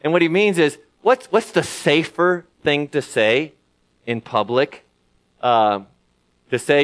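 A man preaching a sermon in a conversational way, often pausing with fillers and restarting his sentences. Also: a little high. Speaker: pastor.

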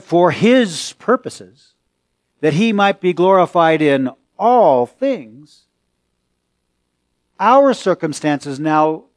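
A male pastor preaching a sermon, slow and deliberate, with pauses and rising emphasis. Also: fairly high pitch, dry recording.

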